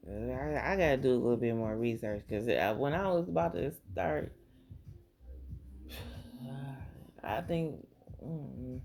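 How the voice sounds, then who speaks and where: A woman's voice: a bass voice, slow, vocal fry, long pauses, a little mellow, faint music behind. A woman tarot reader doing a casual reading, rambling, thinking aloud and swearing freely.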